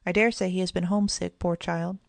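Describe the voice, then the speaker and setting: A sensible, kindly mother of two children speaks in a grave, gentle manner in a storybook reading, voiced by a woman. The voice is low with a gravelly edge of vocal fry. The recording is close and dry, with no room sound. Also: flat delivery, brisk, dry recording.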